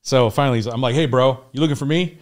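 A Navy SEAL veteran with a mid-range voice speaks at a quick pace as a podcast guest, telling war and contracting stories in a casual storytelling interview. He's animated, acting out dialogue, laughing often and swearing casually.

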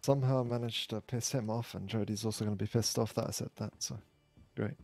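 A man's voice: lowish voice, fairly even intonation, fast, gravelly, a little mellow. A man playing a western saloon owner in a role-play game, talking in a sarcastic, defensive way.

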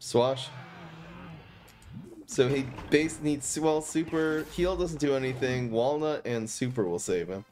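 A man's voice: medium pitch, takes it slowly, darkish tone, a little hiss or hum. A man streaming live, chatting casually and thinking aloud as he plays a card game. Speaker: gaming streamer.

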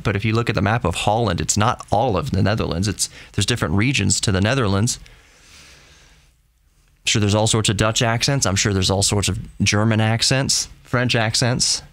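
A man's voice: on the low side, fairly quick, a bit bright. A man hosting a podcast alone, talking casually and rambling, often restarting and correcting himself. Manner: rambling, self-correcting, chatty. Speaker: podcast host. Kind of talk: casual solo podcast talk.

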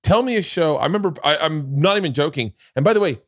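Animated male podcast host, dry mic. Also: quick pace, dry recording. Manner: animated, acts out quotes with big pitch jumps. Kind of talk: casual comedic storytelling.

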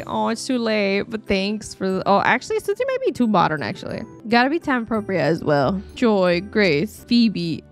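A high-pitched woman talks casually into a desktop mic as she live-streams a game from home. She chats with her viewers and reacts to their polls with gasps and laughs. Soft music plays quietly behind her. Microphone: desktop USB mic.

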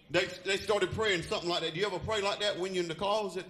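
A man's voice: high-pitched, steady tone, quick pace, few pauses, a bit bright. A male pastor preaching fervently in church, often calling out "Huh?" to the congregation. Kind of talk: sermon.

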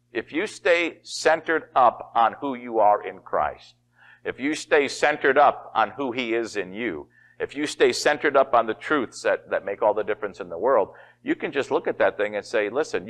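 A middle-aged man preaching a sermon as pastor, folksy and animated, often laughing and acting out quotes. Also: medium pitch.

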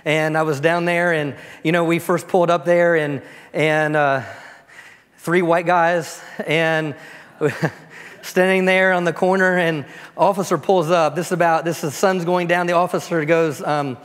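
A pastor giving a storytelling sermon, dropping to a soft, quiet voice when he prays. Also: a little high, steady tone, moderate pace. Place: church sanctuary. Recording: long church reverb.

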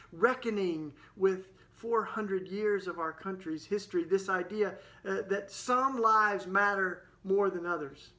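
Bright-voiced man preaching with passion. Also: high-pitched. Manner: impassioned, with frequent "uh" fillers and restarts. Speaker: faith activist speaker. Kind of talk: earnest preaching-style talk.

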